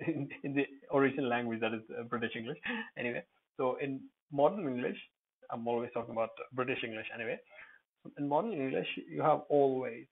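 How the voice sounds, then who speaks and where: Man, pronunciation teacher, rambling lesson, lots of pauses and fillers, mid-pitched voice, tinny phone-like sound. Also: gravelly, slightly rough. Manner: digressive, with many pauses and fillers.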